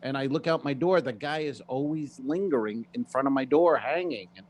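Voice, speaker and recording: A man with a Rhode Island accent, a comedian co-hosting a podcast, telling a rambling story in deadpan complaints with lots of fillers. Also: medium pitch, normal speed. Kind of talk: casual comedy podcast chat.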